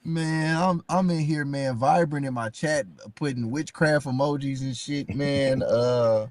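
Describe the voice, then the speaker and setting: A man's voice: medium pitch, unhurried, darkish tone, no room sound. A man hosting a live stream, talking casually and passionately to his chat, calling viewers by name and repeating himself.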